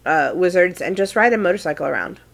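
A woman co-hosting a podcast, playful and a little halting in casual, suggestive chat. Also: lowish voice, expressive, gravelly. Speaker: podcast co-host.

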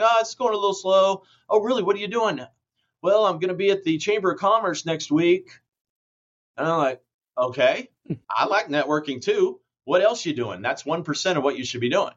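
A man's voice: medium pitch, a bit bright. A man, a franchise company president, giving blunt, emphatic motivational answers in a podcast interview. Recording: muffled lo-fi audio.

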